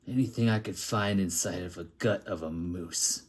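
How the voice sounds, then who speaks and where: In a low voice at normal speed, a man improvises a comic tale as a grimy plague doctor from some back-alley town. The character rambles on, crude and unfiltered.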